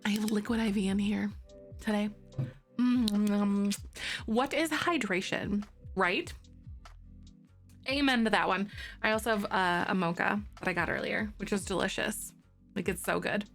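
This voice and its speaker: A young woman streaming live, chatting casually with her viewers, greeting them by name and squealing when something excites her. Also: medium pitch, a little slow, long pauses, faint music behind. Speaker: Twitch streamer. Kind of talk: casual live-stream chat while playing a game.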